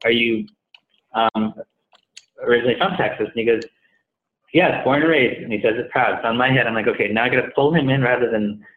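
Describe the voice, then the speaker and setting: Male interview guest, fast storyteller, call-quality audio. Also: medium pitch. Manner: animated, acts out dialogue in retold conversations. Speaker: guest, staffing company head. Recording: tinny phone-like line.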